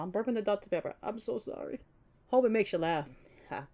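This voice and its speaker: Woman, podcast host, solo casual monologue, rambling and chatty, warm mellow tone, mid pitch. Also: expressive, fairly quick. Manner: rambling, chatty, loose and unscripted.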